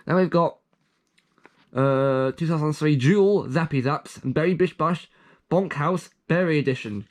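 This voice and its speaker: Young guy muttering thru his joke files, voice on the higher side, keeps trailing off and cracking himself up. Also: measured pace. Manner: rambling, jokey, trails off and mutters, with self-aware asides. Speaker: video creator reading out his own joke documents. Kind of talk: casual commentary.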